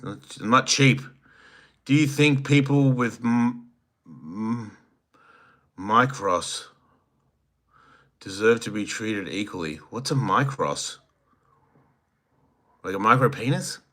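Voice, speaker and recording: Australian male livestream host, 50s, slow unhurried delivery, crude joking banter, bright voice. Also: lowish voice. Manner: laid-back, crude, joking, reads viewer comments aloud. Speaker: host reading live chat. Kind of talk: casual livestream chat.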